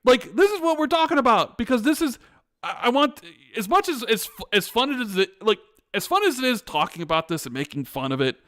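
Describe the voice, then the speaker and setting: A man with a high, bright voice and a crisp, clear tone, hosting a casual gaming podcast. He talks in an animated, ranting way with lots of restarts, and the recording sounds dry and close. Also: a little fast, dry recording. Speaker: podcast host.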